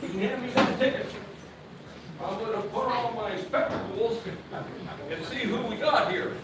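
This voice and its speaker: A man's voice: sits high, moderate pace. A man announcing a ticket drawing to a crowd, folksy and teasing as he coaches a child through the draw. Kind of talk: jokey live announcing to a crowd. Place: outdoor event with crowd. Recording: echoey, far-off, loud crowd noise.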